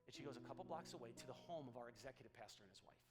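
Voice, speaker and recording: A man's voice: mid-range voice, animated, very fast. A middle-aged man, a pastor, telling a personal story in an earnest, confessional sermon. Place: church sanctuary. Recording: guitar music playing underneath.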